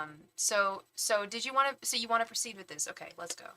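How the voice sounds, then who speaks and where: Chatty tarot reader lady, bright voice, talks in quick bursts and restarts a lot. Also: medium pitch, rough recording. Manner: chatty and animated, with frequent restarts; repeats a soft chanted invocation. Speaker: tarot reader and psychic medium. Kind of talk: casual chat on a live stream.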